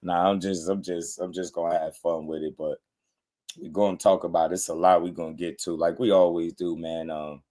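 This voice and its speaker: A man's voice: sits low, little pitch movement, a little fast, warm tone. A man hosting a casual boxing commentary show, blunt and slangy, laughing often as he talks.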